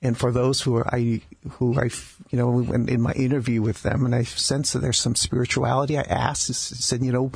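A man with a very husky, gravelly voice tells stories about his patients in a radio studio. He stumbles and restarts often and repeats words as he goes. The sound is dry and close, with no room around it. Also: mid-range voice, flat delivery, moderate pace, hardly any pauses, no echo. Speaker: palliative care doctor, guest. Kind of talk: conversational storytelling interview.

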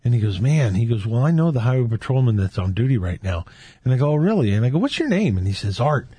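A man, a Catholic men's ministry leader from California, telling faith stories with lively quoted dialogue in casual chat. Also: medium pitch, fast, husky, no echo.

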